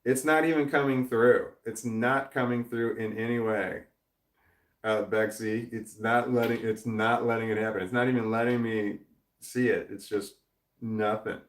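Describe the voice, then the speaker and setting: A man's voice: lowish voice, fairly even intonation, normal speed. A man hosting a casual livestream, reading chat aloud, rambling, swearing often and laughing a lot. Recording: roomy echo.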